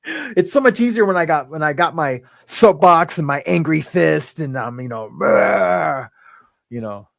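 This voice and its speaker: A man's voice: on the high side, expressive, moderate pace, creaky, no echo. A man hosting a casual live stream, rambling, laughing often and greeting viewers in the chat by name. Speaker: livestream host.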